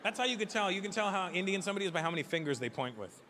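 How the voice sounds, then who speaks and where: A man from North America doing animated, sarcastic stand-up comedy on a comedy stage. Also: high-pitched, rapid-fire, in a large hall. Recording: noisy live stage recording.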